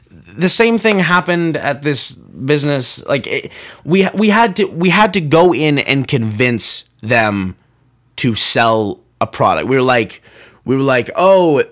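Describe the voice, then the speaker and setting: A man's voice: mid-range voice, a bit bright. A young man hosting a solo comedic rant, rambling with sarcasm and restarts, acting out the people he quotes. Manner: frequent restarts and fillers, building exasperation. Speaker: podcast host.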